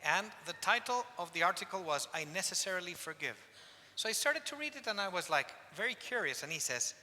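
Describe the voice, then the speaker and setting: Bright-voiced priest in a reverberant church. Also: male voice, high voice, a little fast. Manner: emphatic, repeats key phrases, animated storytelling. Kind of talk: sermon at a penitential service. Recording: long church hall reverb.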